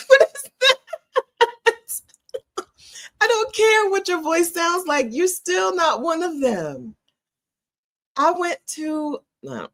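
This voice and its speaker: A middle-aged American woman vlogging in a casual, opinionated way, emphatic and laughing often. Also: fairly low pitch. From United States. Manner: animated, emphatic, laughs often, repeats phrases.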